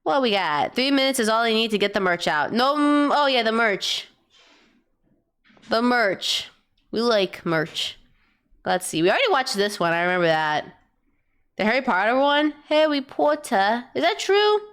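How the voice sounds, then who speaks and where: A woman streamer chatting casually to her chat while picking reaction videos, rambling, swearing offhand and breaking into excited bursts. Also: on the high side, normal speed, pauses often, clear, resonant tone.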